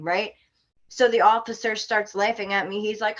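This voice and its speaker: A woman from Florida, a podcast guest, telling a story in an animated, indignant way with sharp outbursts. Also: mid-range voice, normal speed, dull audio. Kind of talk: casual storytelling.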